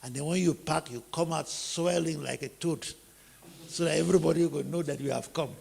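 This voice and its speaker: Gravelly Nigerian preacher in a hall. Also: male voice, fairly high pitch, fairly quick, darkish tone. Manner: rhetorical questions, emphatic repeated phrases. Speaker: teacher preaching on family life. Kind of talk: sermon-style teaching.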